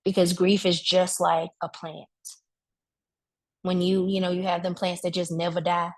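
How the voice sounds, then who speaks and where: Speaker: woman with a lowish voice, giving a motivational grief talk in a loose, colloquial preaching style. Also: normal speed. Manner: conversational preaching, addresses the crowd directly; relaxed colloquial speech with vivid asides. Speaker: speaker at a wellness event.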